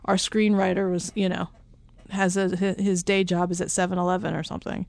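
Woman co-host, casual and chatty, halting delivery, dry close recording. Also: on the low side, flat delivery, vocal fry, darkish tone, dry recording. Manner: chatty, halting, laughs often. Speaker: podcast co-host. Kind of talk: casual chat.

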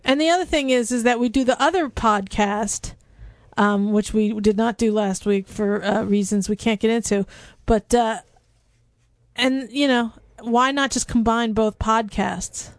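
A woman's voice: on the high side, measured pace, no echo. Playful woman podcast co-host, dry mic. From United States. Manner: playful, teasing, laughs often. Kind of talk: casual chat, movie review podcast.

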